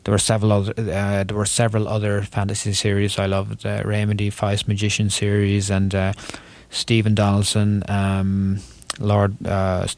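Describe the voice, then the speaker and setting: A man's voice: on the low side, monotone, normal speed, a little mellow, no echo. A man with an Irish accent, an author talking in an interview, chatty and joking, laughing often. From Ireland. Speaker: author guest. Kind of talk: interview conversation.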